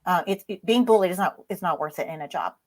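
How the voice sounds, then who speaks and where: Lively woman telling a story. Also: lowish voice, quick pace. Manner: lively, acts out voices in her stories. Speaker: guest. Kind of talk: storytelling in an interview.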